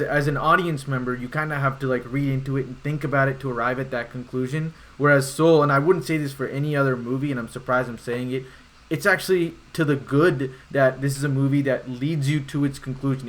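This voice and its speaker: A young man co-hosting a podcast, making his points calmly and passing the floor to others. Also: medium pitch. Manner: measured, moderates the discussion. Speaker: podcast co-host. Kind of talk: casual film debate.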